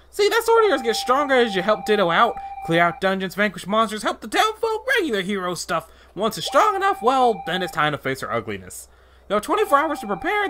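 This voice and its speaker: A man doing a high, cheeky floating beetle guide. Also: sharp tone, heavily acted. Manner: wisecracking, breezy, self-satisfied. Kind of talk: video game voice acting.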